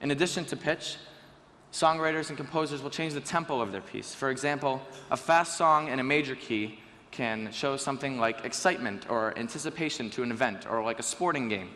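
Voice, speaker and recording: Bright-voiced teenage boy in a hall. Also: mid-range voice, brisk, slight background noise. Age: teens. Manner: lively, joking, conversational. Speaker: student speaker. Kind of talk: stage talk to an audience. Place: school auditorium. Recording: reverberant hall with faint ambience.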